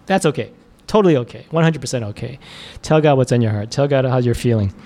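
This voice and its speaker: A man's voice: mid-range voice, fast, dark tone. A man preacher giving a casual, conversational sermon, chuckling often and using many fillers.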